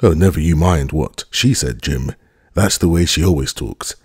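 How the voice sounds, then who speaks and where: A cocky young boy, all coaxing and boasting, raised a little above a very deep reader's voice, as a man puts him on. The tone stays husky and the room sounds dry. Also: normal speed, dry recording.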